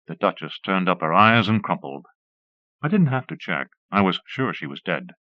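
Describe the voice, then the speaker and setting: A man narrating an audiobook in a measured first-person storytelling manner, on a dull old cassette recording. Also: sits low, sing-song, no echo.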